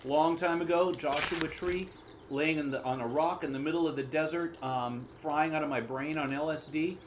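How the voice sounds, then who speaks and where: A man's voice: on the high side, normal speed, a little hiss or hum. Argumentative man on a podcast. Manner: argumentative, repeats himself, jokey. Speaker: podcast co-host. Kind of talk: casual chat about motorcycle racing.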